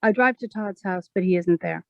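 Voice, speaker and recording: A woman poet giving a measured, expressive reading of her own poems. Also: medium pitch, vocal fry, no room sound, muffled recording. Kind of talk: poetry reading.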